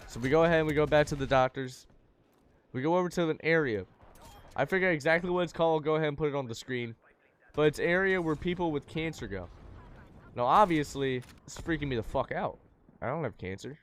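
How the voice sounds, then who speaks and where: A man's voice: on the high side, slight background noise. A young man telling a personal story in a laid-back, slangy way, swearing freely. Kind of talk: casual story time.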